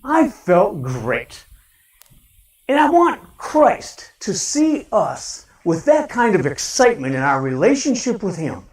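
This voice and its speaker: A man with a Midwestern American accent preaching a lively sermon as pastor, asking his congregation questions. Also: high voice, slow pace. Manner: animated, shouts a cheerful greeting, talks to the congregation with questions. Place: church sanctuary. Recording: roomy church sound from a distance.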